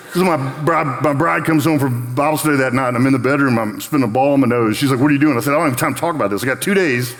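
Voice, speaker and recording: A man, probably in his forties, giving a Father's Day church message, telling stories with many quick repeated restarts. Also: a little high. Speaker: guest speaker. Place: church sanctuary. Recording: long reverb of a church hall.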